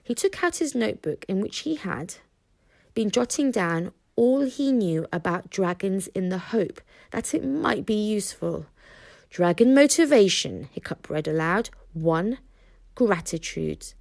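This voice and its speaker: A woman reading a children's book aloud in an expressive storytelling manner. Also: medium pitch, moderate pace, creaky, no room sound, clean studio sound. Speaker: reader. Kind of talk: children's audiobook narration.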